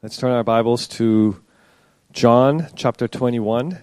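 A male pastor reading scripture aloud in a sermon, measured and earnest. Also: mid-range voice, a little mellow, clean tone, dry recording.

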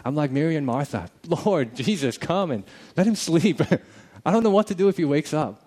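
A young father telling a personal faith story in a casual, animated way, acting out what people said and chuckling now and then. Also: on the high side, normal speed.

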